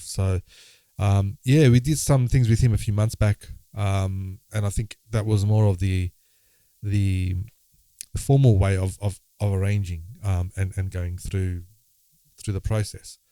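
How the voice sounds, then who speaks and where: Low, mellow-voiced man musing on music. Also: fairly even intonation, no room sound. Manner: halting, many restarts, thoughtful. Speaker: podcast co-host, guitarist. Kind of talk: casual conversation about music.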